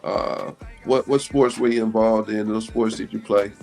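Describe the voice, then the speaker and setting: A man hosting a radio interview, asking halting questions full of fillers and agreeing in short bursts. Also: lowish voice, little pitch movement, darkish tone, soft background music. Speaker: radio show host.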